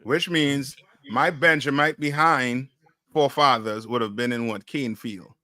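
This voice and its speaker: A man's voice: medium pitch, measured pace, sharp tone, no room sound. A man teaching a class in call-and-response style, firing questions and often asking "you know what I mean?".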